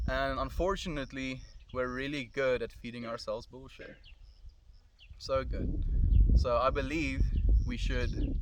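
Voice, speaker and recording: A man's voice: mid-range voice, a little hiss or hum. A man with a South African accent, musing aloud in a loose, thoughtful livestream monologue, recorded outdoors on a camera mic. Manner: musing, loose and thoughtful, drifting between ideas. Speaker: streamer. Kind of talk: casual reflective livestream monologue. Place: outdoors in the country.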